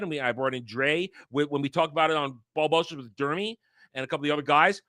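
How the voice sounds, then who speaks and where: A man delivering an angry, profane rant as the host of a commentary channel, sometimes breaking into shouts. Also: sits high, dry recording, studio quality. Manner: heated, profane, shouting at times.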